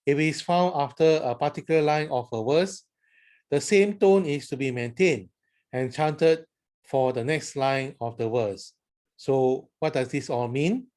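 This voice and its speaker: Slow, careful male chant teacher. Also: a little high, a little mellow. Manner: slow, careful explaining, sings chant tones on syllables. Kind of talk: instructional talk with sung chant examples.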